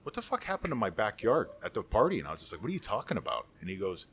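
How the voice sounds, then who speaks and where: A man's voice: fairly low pitch, huge pitch swings, rapid-fire, fairly bright tone, a little hiss or hum. A former football lineman in his forties telling rambling, profane stories in casual chat. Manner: profane, rambling, boisterous storyteller. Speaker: podcast guest, former pro football lineman.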